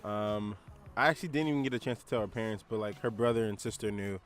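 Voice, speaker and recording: A man co-hosting a podcast, telling a personal story in a relaxed, rambling way with lots of fillers. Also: on the low side, quick pace. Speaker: podcast co-host. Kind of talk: casual storytelling chat.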